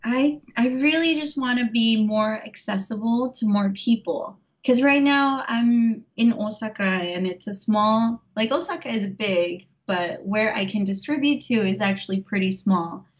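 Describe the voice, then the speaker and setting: Relaxed woman guest, dull lo-fi sound. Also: a little high, measured pace, few pauses. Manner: relaxed, laughs often, many fillers. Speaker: interview guest, home vegan cook. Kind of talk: casual interview chat.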